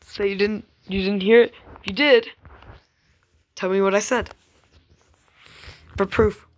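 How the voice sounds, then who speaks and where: A woman's voice: medium pitch, steady tone, measured pace. A young woman gaming YouTuber in casual chat to camera, rambling, giggling and teasing a friend as her thoughts trail off.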